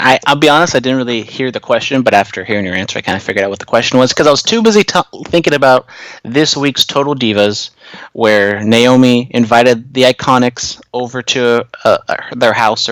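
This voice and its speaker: A man's voice: mid-range voice, fairly bright tone, no room sound, poor audio. A man co-hosting a casual wrestling podcast, talking loosely with lots of fillers and going off on tangents. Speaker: podcast co-host.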